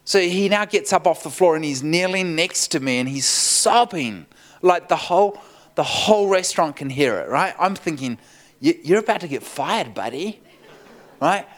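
Male pastor, storytelling sermon, animated, laughs often, slightly high voice. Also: normal speed.

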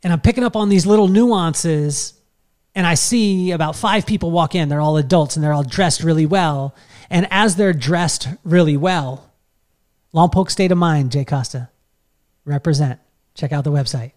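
A man's voice: fairly high pitch, moderate pace, a little mellow. A middle-aged man telling a long personal story in a casual, rambling way, full of fillers and restarts. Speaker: podcast host telling a story.

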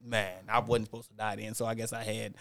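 A man's voice: lowish voice, a little fast, creaky. A man casually telling a story in slangy talk, acting out what people said. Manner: animated, slangy, acts out quotes. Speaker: storyteller in group chat.

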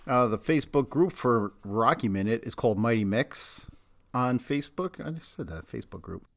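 A man's voice: mid-range voice, lively intonation, moderate pace, a bit bright. A man co-hosting a podcast in casual chat, laid-back, with dry remarks. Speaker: podcast co-host.

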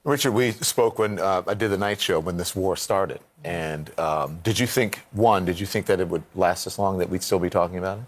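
Low-voiced male news anchor. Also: brisk, hardly any pauses. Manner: conversational, probing questions. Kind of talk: live TV news interview.

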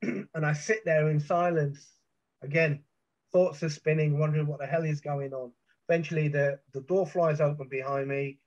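Telling his own harrowing story in emotional first person, a middle-aged British podcast guest gives vivid details, restarts sentences and swears. His voice is a little high and darkish, with fairly even intonation and normal speed, on muffled, dull audio.

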